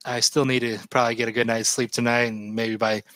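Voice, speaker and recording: Slightly hoarse, self-mocking male co-host. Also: medium pitch, level tone, fast talker, sharp tone, no room sound. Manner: self-deprecating, joking. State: slightly hoarse from recent illness. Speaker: podcast co-host. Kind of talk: casual podcast chat.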